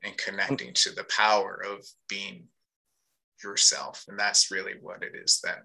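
An earnest man co-hosting a live discussion and talking in a reflective, casual way. His voice sits a little low and stays level, with a very bright, forceful tone. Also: little pitch movement, moderate pace, gravelly, rough recording. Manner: earnest, thoughtful, many fillers. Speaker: podcast co-host.

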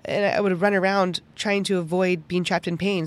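A young woman hosting a podcast, telling a personal story in an animated, chatty way full of "like" fillers. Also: fairly low pitch, normal speed. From Pittsburgh, United States. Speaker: podcast host.

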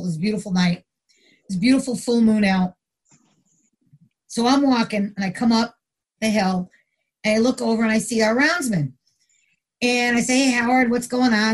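A middle-aged woman, a retired corrections officer, telling a story casually in an interview and acting out the quotes. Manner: animated storyteller, acts out quotes with big pitch jumps.

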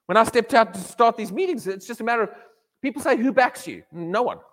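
A man preaching a sermon in an animated way, often repeating his words and acting out quotes. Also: very high voice, fairly quick. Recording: echoey hall reverb.

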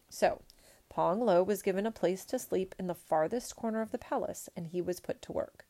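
A woman reading a picture book aloud in a measured, expressive storytelling manner. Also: lowish voice.

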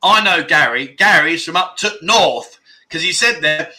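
London bloke hosting a livestream, chatty and jokey, fairly high and really bright voice. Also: male voice, expressive, unhurried. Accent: London English. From London, England. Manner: chatty and jokey, rambling with restarts and laughs. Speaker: livestream chat show host. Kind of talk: casual livestream chat, reading out viewer comments. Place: living in Thailand.

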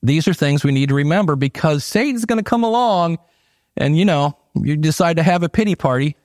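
A middle-aged man delivers a sermon in an easygoing, conversational manner, slipping in casual asides. His voice is somewhat high for a man. The sound is close and dry. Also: lively intonation, a little fast, a little mellow, no room sound. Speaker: pastor.

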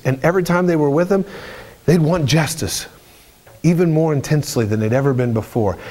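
Animated male preacher telling a story. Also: a little high. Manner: animated storytelling with colloquial asides and restarts. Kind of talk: sermon.

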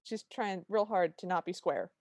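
A woman's voice: fairly low pitch, normal speed, a little mellow, no room sound. A woman co-hosting a podcast, casually retelling a TV special's plot and quoting its lines. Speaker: podcast co-host. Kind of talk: casual chat recapping a TV special.

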